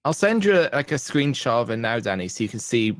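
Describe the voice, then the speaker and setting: Casting: male podcast guest, eager and rambling, mid-pitched, close and dry recording. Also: sing-song, brisk, no echo. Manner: enthusiastic, rambling, many restarts. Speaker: podcast guest, content creator. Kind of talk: casual chat.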